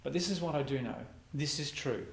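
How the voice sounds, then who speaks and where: A man's voice: a little high, fairly quick, gravelly, reverberant. A man, preaching a reflective, conversational sermon as a pastor.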